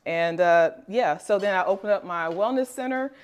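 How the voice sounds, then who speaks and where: A woman's voice: medium pitch, normal speed, smooth. A middle-aged woman telling her personal health story to a class, earnest and candid, with frequent fillers and light laughs. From Nigerian family background. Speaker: holistic nutritionist and wellness teacher.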